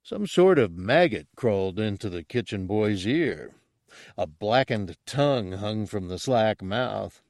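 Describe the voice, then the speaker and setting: A man narrating an audiobook in a steady, unhurried storytelling manner. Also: lowish voice, no echo, studio quality.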